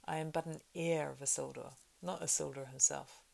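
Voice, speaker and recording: A woman reading the part of a weathered, kingly ranger in a storybook, speaking with measured solemnity. The voice sits low and carries a heavy gravelly fry throughout. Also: fairly even intonation, a little mellow, exaggerated voice. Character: weathered grave male ranger, heir of kings.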